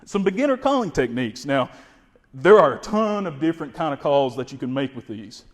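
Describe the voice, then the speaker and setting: A man with a Kentucky accent, explaining turkey calling in a folksy, energetic way and imitating the birds. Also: fairly high pitch, a little fast, big-room sound. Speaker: wildlife information specialist. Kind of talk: instructional explanation.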